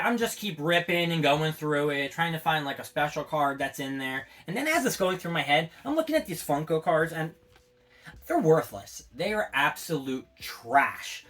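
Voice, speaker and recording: Excitable man with a bright voice. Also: a little high. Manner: excitable, swears freely, adds sound effects. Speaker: collectibles vlogger. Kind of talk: casual rambling monologue.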